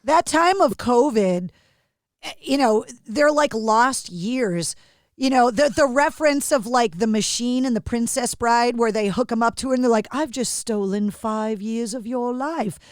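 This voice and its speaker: A woman's voice: a little high, normal speed, no room sound, clean studio sound. Chatty effusive woman podcast host. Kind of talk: casual interview chat.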